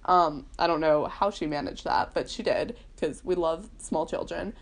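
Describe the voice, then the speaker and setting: A woman's voice: sits low, moderate pace. A young woman vlogger casually telling a personal story, chatty and full of fillers, laughing often. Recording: poorly recorded.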